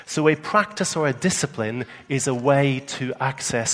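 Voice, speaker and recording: A Northern Irish man gives a sermon in an easy, conversational way, often stumbling over the first word of a phrase. His mid-pitched voice carries a long reverb from the hall he speaks in. He sounds like a preacher talking to his congregation rather than reading a script. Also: measured pace, fairly bright tone. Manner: conversational, repeats words when starting a phrase. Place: church hall in England.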